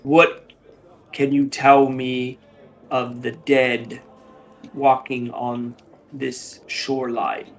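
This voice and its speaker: Dude playing a stern inquisitor lady, super slow and icy, gravelly. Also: medium pitch, level tone, soft background music. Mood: probing. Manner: slow, measured. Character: stern female Inquisitor, cold and imperious.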